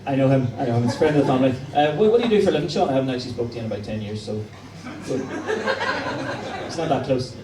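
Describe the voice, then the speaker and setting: On a live comedy venue stage, a male stand-up comedian works the crowd, talking rapid-fire in a medium-pitched voice with lively intonation. He's cheeky, chatty, and teasing, and the recording sounds roomy and distant, full of crowd noise.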